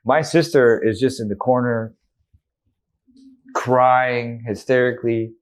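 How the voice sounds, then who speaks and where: A man's voice: medium pitch, flat delivery, slow. A man in his thirties, a guest in an interview, candidly retelling a personal story with emotion and quoted dialogue.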